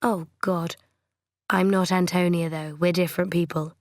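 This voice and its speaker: A woman voicing a calm, practical woman character in an audiobook, speaking matter-of-factly. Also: lowish voice, moderate pace, dry recording, natural voice. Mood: weary.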